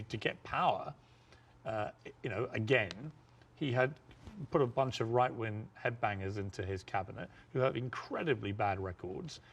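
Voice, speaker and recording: A man in a mid-range voice hosts an interview. He states his views firmly and steadily, in a measured, assertive way, and cuts back in to steer the talk. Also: mid-range voice, breathy edge. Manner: assertive, firm opinions, measured. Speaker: host. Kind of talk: interview debate.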